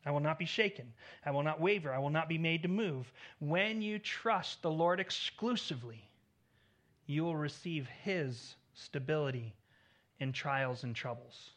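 A man preaching a sermon in an earnest tone, swelling louder on key points and dropping low at the ends of phrases. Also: a little slow. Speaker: pastor.

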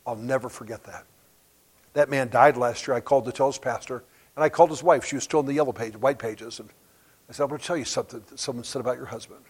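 This guest preacher, a man in his sixties, speaks rapid-fire in a husky, medium-pitched voice with fairly even intonation. His sermon tells stories and builds to sudden, emphatic rises in loudness.

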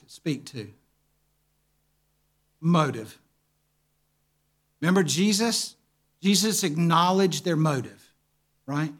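Man, high-pitched voice, conversational church talk, animated storyteller. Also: slow, long pauses. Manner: animated storyteller, asks the listeners questions. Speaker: speaker teaching a church group.

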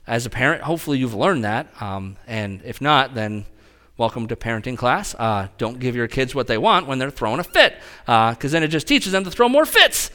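A man preaching a conversational sermon as a pastor, talking straight to his congregation in an animated way. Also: mid-range voice, normal speed.

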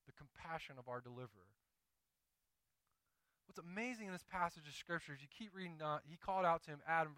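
Southern guy preaching, animated and chatty, bright sharp voice. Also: sits high, clear, resonant tone, dry recording, rough recording. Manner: animated, conversational preaching with acted asides. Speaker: pastor. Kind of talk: sermon.

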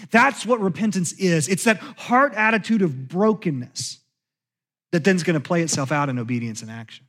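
A man with a high voice preaches a sermon in a church. He talks in a conversational way and sinks to a hushed tone when he voices confessions. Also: animated, brisk. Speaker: pastor. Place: church sanctuary.

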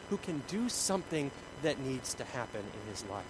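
A man preaching a sermon, shifting from shouts to hushed tones. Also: mid-range voice, sing-song, moderate pace, few pauses, noisy background.

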